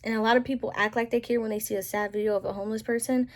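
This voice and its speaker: A woman's voice: on the high side, fairly even intonation, racing. A young Southern woman ranting casually to camera, rambling with lots of "like" and "you know what I'm saying.".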